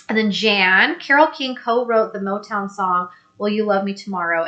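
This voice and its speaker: A woman hosting a live stream, chatting casually and reading viewer comments aloud in an upbeat, think-out-loud way. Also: medium pitch. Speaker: host.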